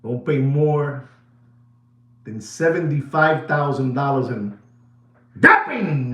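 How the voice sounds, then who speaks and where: A man's voice: medium pitch, very animated, slow pace, pauses often, a bit bright, reverberant. A man hosting a casual watch market update, emphatic and repetitive, swinging his voice up and down for drama.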